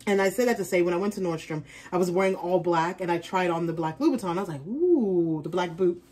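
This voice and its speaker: A woman's voice: on the low side, steady tone, quick pace, darkish tone. A woman chatting casually in an unboxing vlog, rambling on as a fashion vlogger.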